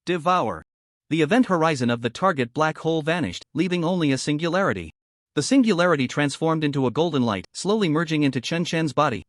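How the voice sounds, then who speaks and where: A man's voice: fairly high pitch, dry recording, studio quality. A man narrating a story recap in scripted storytelling style. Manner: storytelling recap of a translated web novel.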